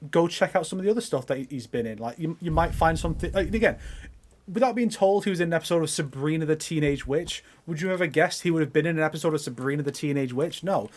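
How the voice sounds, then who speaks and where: Fast-talking teasing man. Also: on the high side, lively intonation. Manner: teasing, insistent. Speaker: podcast co-host. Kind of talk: casual chat.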